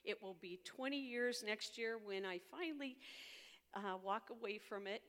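A woman's voice: mid-range voice, normal speed, a bit bright. An older woman, a girls' ministry leader and grandmother, giving an earnest, heartfelt personal testimony as a storyteller. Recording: long hall reverb.

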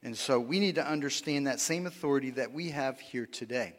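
A man's voice: medium pitch, a little fast, long reverb tail. A pastor preaching a sermon in a conversational way, often asking the congregation for responses and laughing at his own lines. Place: church sanctuary.

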